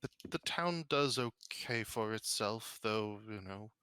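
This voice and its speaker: A sad, timid village wife, voiced by a man in a tabletop game. She speaks haltingly, with long hesitations. The voice is lowish and bright, recorded dry and close. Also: expressive, smooth, no room sound, full character voice. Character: sad, timid middle-aged village woman.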